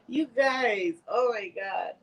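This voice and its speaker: A woman's voice: on the low side, low-quality recording. A woman hosting a casual livestream, emotional and teary but laughing through it, heartfelt and rambling as she answers viewers, still getting over a bad cold. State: recovering from a bad cold, slightly stuffy. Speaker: livestream host. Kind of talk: casual livestream chat reading viewer comments.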